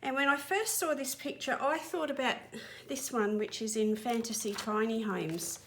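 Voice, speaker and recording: An Australian woman hosting a colouring channel chats casually as she colours in her home spare-room studio, rambling, apologetic, and slightly out of breath. Her voice is on the high side at normal speed, with a little hiss or hum.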